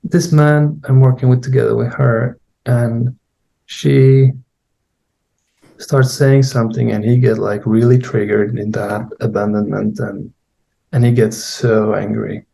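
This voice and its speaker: A man's voice: mid-range voice, steady tone, unhurried, gravelly, mellow. A middle-aged male therapy trainer, a guest recounting a therapy case in conversation. He talks unhurriedly, searches for words, and acts out his own and his client's lines.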